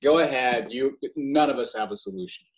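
A man co-hosting a podcast, chatting in a lively way and laughing easily. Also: mid-range voice. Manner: lively, quick to laugh and jump in. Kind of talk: casual chat.

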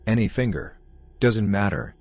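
A man voicing a young man trapped inside a beer can, chirpy and taunting in a low voice. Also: animated, moderate pace, darkish tone. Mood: mocking.

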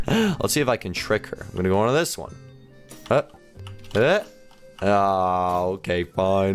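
A man hosting a gaming video, giving playful, jokey let's-play commentary as he plays. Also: fairly low pitch. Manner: playful, animated, jokey self-talk.

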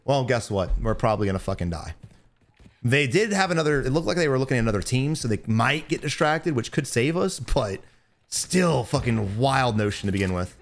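A young man giving blunt, profane gameplay commentary as a streamer, breaking into loud excited bursts. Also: medium pitch, brisk. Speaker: gaming streamer.

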